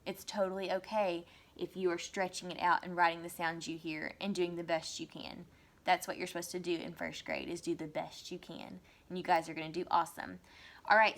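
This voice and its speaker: A young woman teaching first grade in a recorded remote lesson, sounding words out slowly and encouraging the children. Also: on the low side, a bit bright. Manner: slow, stretched-out sounding of words; encouraging, reassuring.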